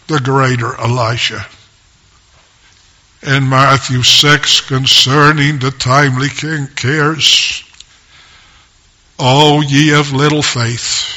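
Pastor, male, unhurried sermon delivery with a flat, bright, tense tone. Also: mid-range voice. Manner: slow, measured preaching in short phrases with long pauses.

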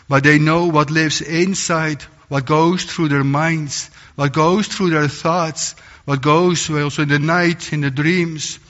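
A man preaching a sermon in earnest, halting English, often restarting and repeating words. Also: fairly high pitch, fairly bright tone. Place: church. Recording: long church reverb, dull lo-fi sound.

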